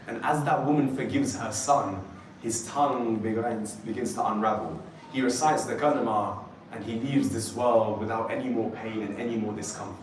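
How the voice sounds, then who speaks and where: A man's voice: lowish voice, fairly even intonation, moderate pace, slight background noise. A man giving a storytelling sermon at a youth gathering, retelling stories and speaking straight to his young listeners. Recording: very echoey hall, voice from a distance.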